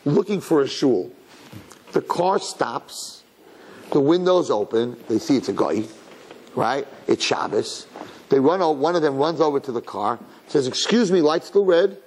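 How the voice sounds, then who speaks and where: A man giving a sermon as a rabbi, telling a story in an animated, dramatic, conversational way. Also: fairly high pitch, husky, low-quality recording.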